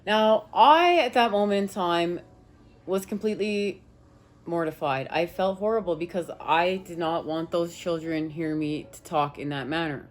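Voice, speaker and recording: Emphatic woman spiritual reader, low voice. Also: normal speed. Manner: emphatic, rambling, animated with swearing. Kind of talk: casual spiritual talk to viewers.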